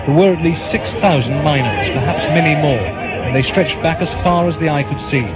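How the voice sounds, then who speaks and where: A man narrates in a measured, grave documentary style over clearly heard music. His voice sits somewhat high for a man.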